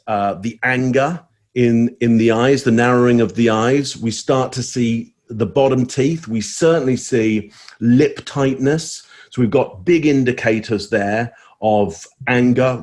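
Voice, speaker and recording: A man analyzing body language on a casual online panel, talking in a relaxed way with fillers as he thinks aloud. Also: mid-range voice.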